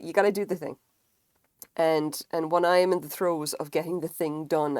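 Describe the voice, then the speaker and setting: Brief: tired, low-voiced woman on a craft live stream, rambling and self-mocking, swears casually, dry close sound. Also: no room sound. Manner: rambling, self-deprecating, acts out quotes in higher voices. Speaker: crochet streamer. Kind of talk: casual live-stream chat while crocheting.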